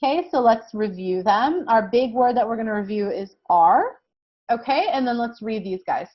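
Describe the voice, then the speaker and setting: A woman teaching a kindergarten lesson, slow and encouraging, often checking in with "okay?". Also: on the high side, lively intonation, dull audio. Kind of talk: recorded classroom lesson for young children.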